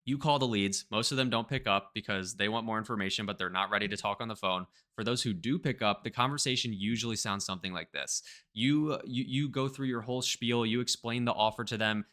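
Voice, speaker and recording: A man's voice: lowish voice, fairly quick, few pauses. A man teaching marketing straight to camera, energetically checking in with his listeners. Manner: energetic, checks in with "right?" and "okay?". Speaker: marketing coach.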